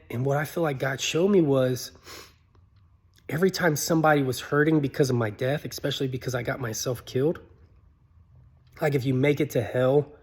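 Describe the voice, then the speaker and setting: A man telling a personal story in an earnest, pleading way, his voice climbing high when he begs. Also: a little mellow, breathy edge. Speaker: motivational speaker.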